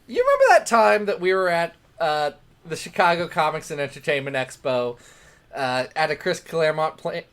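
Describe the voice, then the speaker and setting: A man's voice: a little high, moderate pace. A man co-hosting a comics podcast, telling jokey stories in casual chat. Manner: animated, joking, storytelling. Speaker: podcast co-host.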